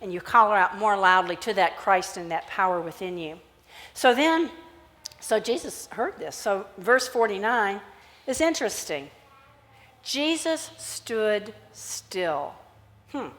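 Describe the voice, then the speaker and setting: A woman pastor giving a sermon, animated as she tells a Bible story and acts out its characters. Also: medium pitch, normal speed. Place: church sanctuary. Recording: church hall reverb.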